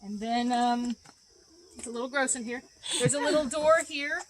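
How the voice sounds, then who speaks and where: A woman giving a relaxed, chatty tour of her chicken coop outdoors, with many fillers. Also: a little high, normal speed, background noise. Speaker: small farm owner giving a tour. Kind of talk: casual guided tour.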